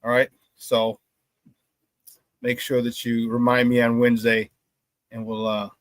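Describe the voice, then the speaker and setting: A man hosting a live sports talk show, hyped and laughing often as he shouts out viewers in the chat. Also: medium pitch, completely flat delivery, measured pace, no room sound.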